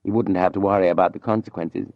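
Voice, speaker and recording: A man narrating an audiobook in a measured, even storytelling manner. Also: low-pitched, vocal fry, no room sound, phone-quality sound.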